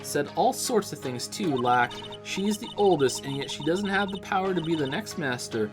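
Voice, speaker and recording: A man's voice: a little high, expressive, moderate pace, music in the background, natural voice. A man voicing a bubbly young female photographer in an exaggerated, cartoonish Southern drawl. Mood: gossipy. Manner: folksy cartoonish Southern drawl imitating a goofy cartoon dog.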